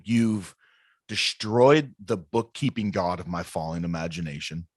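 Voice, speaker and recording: A man's voice: sits low, a little slow, no echo, clean studio sound. A man co-hosting a podcast in casual, laid-back chat, saying dude and laughing. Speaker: podcast co-host.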